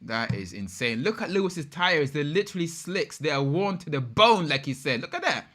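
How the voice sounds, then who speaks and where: A young man hosting a live race watch-along, reacting in an excitable, slangy way and chatting with viewers. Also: a little high, normal speed. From United Kingdom. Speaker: live stream host.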